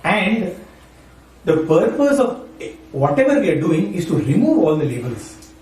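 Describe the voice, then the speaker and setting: A man's voice: high-pitched, big pitch swings, measured pace, darkish tone, recorded from a distance. Chatty man in an echoey room. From Maharashtra, India. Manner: chatty, frequent "right?" and "you know". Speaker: spiritual speaker and university teacher. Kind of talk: informal devotional talk.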